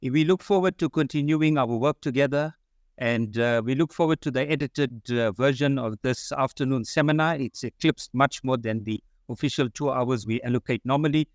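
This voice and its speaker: A man's voice: medium pitch, moderate pace, no room sound, clean studio sound. Earnest man giving formal closing remarks. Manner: addresses everyone as comrade, earnest and solemn. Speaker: symposium speaker.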